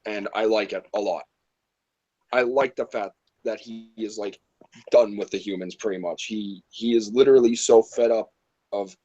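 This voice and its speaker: A man's voice: mid-range voice, a little mellow. Guy ranting about movie characters, blunt and sweary, kinda muffled lo-fi audio. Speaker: podcast co-host. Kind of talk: casual movie review chat.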